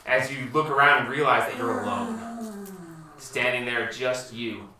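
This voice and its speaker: A man narrating a home tabletop game as game master, telling the scene dramatically and dropping low for suspense. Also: lively intonation, measured pace, sharp tone. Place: home room. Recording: echoey room, distant mic, faint noise.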